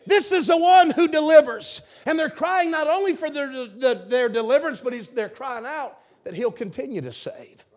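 A man preaching a fervent revival sermon in church, swinging between hushed asides and shouted appeals. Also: extremely high pitch, normal speed, hardly any pauses.

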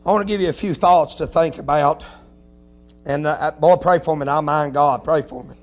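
Preacher, high-pitched man, quiet storytelling that climbs to shouting, faint music underneath. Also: normal speed. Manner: folksy, punctuated with hallelujahs. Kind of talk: Pentecostal-style sermon.

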